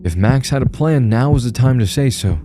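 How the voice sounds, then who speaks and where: A man narrating a scripted horror story in a calm, measured way. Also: mid-range voice, slight background noise. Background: soft music.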